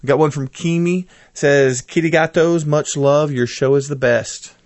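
A man's voice: fairly high pitch, fairly even intonation, a little slow, a little mellow, no echo. A man co-hosting a podcast, reading listener messages in a casual chat and tossing in joking asides.

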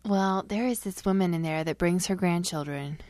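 A woman co-hosting a podcast, telling an animated story and giggling often. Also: on the low side, normal speed, dry recording. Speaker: podcast co-host. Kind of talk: casual chat, storytelling.

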